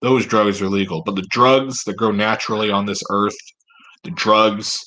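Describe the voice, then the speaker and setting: A man's voice: on the low side, fairly even intonation, moderate pace, sharp tone. Man on a rambling, sarcastic rant. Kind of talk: casual rant.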